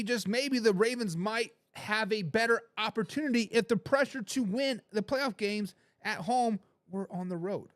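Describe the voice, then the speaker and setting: A man hosting a casual sports talk show, rambling in an animated way, swinging between loud and low, and talking straight to his viewers. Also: dry recording, clean studio sound. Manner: addresses viewers directly.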